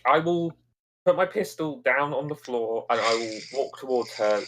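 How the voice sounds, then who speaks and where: A man's voice: mid-range voice, expressive, normal speed, background noise. Earnest man playing his character. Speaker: player. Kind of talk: in-character tabletop role-play.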